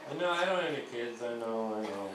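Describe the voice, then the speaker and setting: Crude young stand-up comic, echoey club. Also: male voice, mid-range voice, animated, fast, far from the mic, background noise. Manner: crude, rambling delivery with acted-out voices. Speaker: stand-up comedian. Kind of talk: stand-up set. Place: comedy club stage. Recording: echoey club heard from afar.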